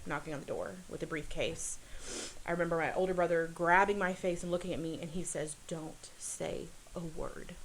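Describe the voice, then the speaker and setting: Halting, earnest woman, low-pitched. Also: low-quality recording. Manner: halting, heavy with fillers and restarts; earnest, confessional. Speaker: podcast guest. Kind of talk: personal storytelling.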